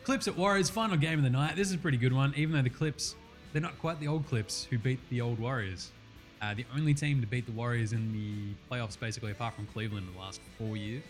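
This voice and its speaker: Host: Australian man, loud and sweary, casual podcast chat, faint music bed. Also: mid-range voice, quick pace. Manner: loud, profane, joking.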